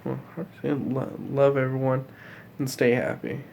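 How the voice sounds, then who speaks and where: A man in his twenties with a gravelly, fry-tinged voice talks in a loose vlog monologue. He rambles, swears freely and fills the gaps with ums and you-knows. A faint noise sits behind him. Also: medium pitch, monotone, moderate pace, a little mellow. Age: 20s. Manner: rambling, profane, full of fillers. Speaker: vlogger.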